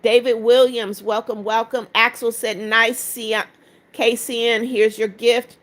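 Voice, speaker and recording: A woman in her seventies hosts a live stream, tired after hours of talking, reading each viewer comment aloud and answering briefly. Her voice is a little high and fairly bright, level in tone and a little slow.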